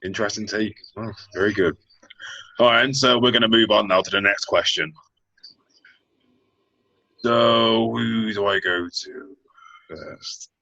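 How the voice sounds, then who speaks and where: Male host, lowish voice, bright and forceful, easygoing, lo-fi audio. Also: a little slow, long pauses. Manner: easygoing, steering the questions. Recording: dull lo-fi audio.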